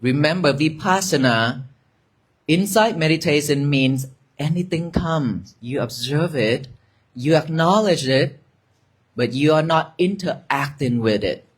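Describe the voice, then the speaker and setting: Slow gentle-voiced meditation teacher, man. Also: fairly high pitch, animated, husky. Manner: slow, gentle, repetitive instructions. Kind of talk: guided meditation talk.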